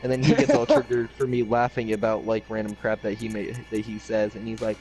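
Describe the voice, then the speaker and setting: A man's voice: fairly low pitch, animated, quick pace, hardly any pauses, over music. A young man casually chatting with friends while gaming, telling rambling stories full of fillers and mimicking his teacher. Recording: loud background noise.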